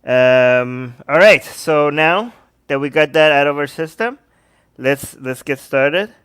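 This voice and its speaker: A man hosting a livestream, reacting to videos with sarcastic, animated commentary and talking to his chat. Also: fairly high pitch, slow pace, clear, resonant tone. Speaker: livestream host.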